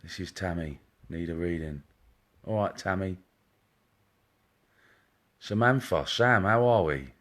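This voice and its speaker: A man with a low-pitched, slightly bright voice hosts a live stream as a psychic medium, speaking slowly with long pauses. Wearing headphones, he chats casually and greets viewers individually by name in a chummy way.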